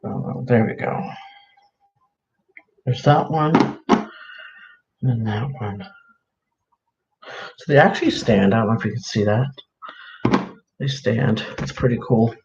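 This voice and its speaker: A man's voice: medium pitch, slow, gravelly, pauses often, a little mellow. A man chatting casually on a livestream, rambling with lots of fillers as he shows his crafts to viewers. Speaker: live-streaming craft seller. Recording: roomy, dull lo-fi, faint hiss.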